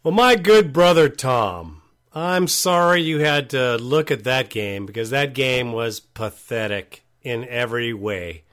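A man's voice: mid-range voice, expressive, measured pace, a bit bright. A man hosting a call-in sports show, talking in a blunt, frank and casual way.

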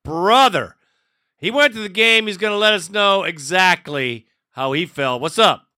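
A man's voice: high-pitched, expressive, measured pace, pushed and bright, smooth. A man hosting a sports call-in show, talking bluntly and with profanity. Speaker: host.

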